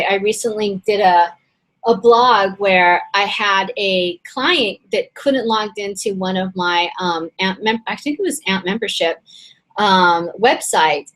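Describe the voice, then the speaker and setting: A woman hosting a casual online business session. She talks in a chatty, rambling way, full of fillers and restarts, and her voice is a little hoarse and strained. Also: mid-range voice, a bit bright, poor audio. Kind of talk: casual webinar teaching.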